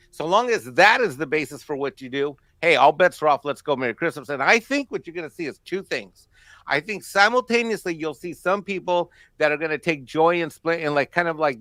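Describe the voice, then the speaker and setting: A man's voice: on the high side, a bit bright, no room sound. Rambling man co-hosting a chat. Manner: rambling, laughing, many fillers. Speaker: co-host. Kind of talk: casual panel discussion.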